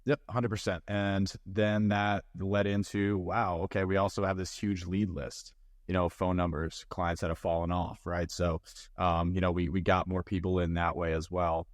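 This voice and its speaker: Low flat-voiced man guest. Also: normal speed, dry recording, studio quality. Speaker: interview guest. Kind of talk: casual interview.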